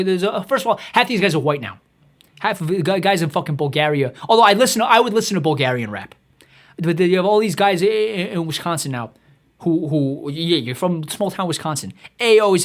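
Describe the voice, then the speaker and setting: A man delivering a profane comedic rant in a rapid, exasperated, swearing tirade. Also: a little high. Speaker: comedic ranter.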